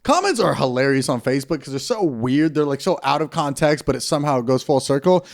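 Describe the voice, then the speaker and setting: A man's voice: mid-range voice, expressive, fairly quick. A young man hosting a podcast, chatting casually and jumping into silly mock voices for laughs. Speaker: podcast host. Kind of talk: casual comedic chat.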